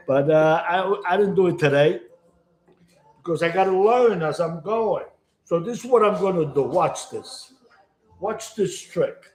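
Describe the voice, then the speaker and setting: A man with an Italian accent, from Italy, hosts a home cooking show, chatting casually to camera and rambling in broken English as he cooks. His voice is high-pitched and a little mellow, with a reverberant sound.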